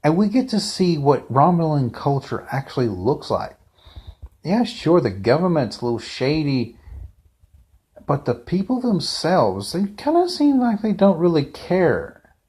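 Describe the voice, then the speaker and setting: Slow, rambling man reviewing a show. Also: on the high side, sing-song, a little mellow. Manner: rambling, off-the-cuff, frequent asides and restarts. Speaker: fan reviewer. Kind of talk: casual unscripted review.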